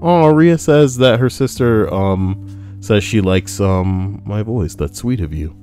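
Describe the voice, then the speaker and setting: A low-pitched man with a dark, mellow tone hosts a live stream, reading online posts aloud. He reads casually and keeps breaking in with playful, mock-dramatic jokes. Soft music plays faintly behind him. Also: animated, slow. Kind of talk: casual reading with joking asides.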